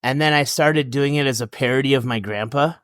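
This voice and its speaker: A man's voice: medium pitch, brisk, fairly bright tone, clean tone, no echo, clean studio sound. A man co-hosting a casual podcast, telling parenting stories with frequent laughter. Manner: laughing, anecdotal storytelling. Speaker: podcast co-host.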